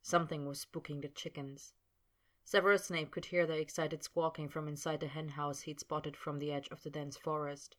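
A woman narrating fan fiction aloud in a measured, steady storytelling manner. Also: deep voice.

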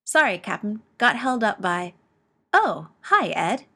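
A woman's voice: medium pitch, sing-song, slow pace, sharp tone, exaggerated voice. A woman voicing a jumpy young male soldier who yelps and gabbles in a fluster. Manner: yelping, flustered.

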